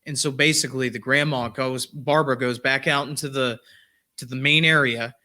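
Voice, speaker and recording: A man's voice: mid-range voice, fairly even intonation, moderate pace, pushed and bright. A man who hosts a podcast, telling a story casually and rambling, with many fillers and restarts. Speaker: podcast host.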